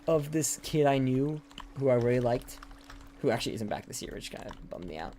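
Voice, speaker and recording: A man's voice: medium pitch, big pitch swings, fairly quick, mellow, slight background noise. Young male streamer, loose rambling chatter, keyboard clicking audibly behind. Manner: rambling, swears casually, drifts into whispering. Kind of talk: casual gameplay chat. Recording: clear background typing and clicks.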